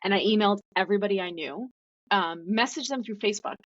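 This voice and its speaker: A woman's voice: mid-range voice, quick pace, fairly bright tone, no room sound. A woman guest telling her story in a casual, chatty way, full of "like" fillers. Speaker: podcast guest. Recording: dull, dry lo-fi recording.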